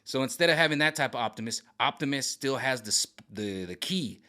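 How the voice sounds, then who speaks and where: A man casually pitching his own version of a film's story. He rambles, searches for words with many fillers, and keeps checking in with "right?" and "okay?". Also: animated, a little fast, bright, forceful tone. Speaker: fan video creator. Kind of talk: casual pitch of a film rewrite.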